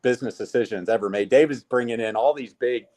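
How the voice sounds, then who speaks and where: A man with a mellow, warm voice recounts his career in a casual interview. He tells it as a story and acts out what others said to him. He speaks at an ordinary pitch. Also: fast. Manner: animated storyteller, acts out quotes. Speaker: guest, network marketing leader.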